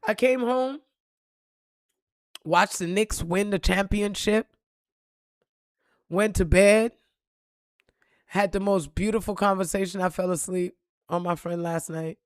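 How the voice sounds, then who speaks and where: A woman vlogger giving a casual motivational talk to her followers, blunt and profane, swinging from loud punchy bursts to soft reflective moments. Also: mid-range voice, slow pace, long pauses, no echo, studio quality. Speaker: spiritual reader and motivational vlogger.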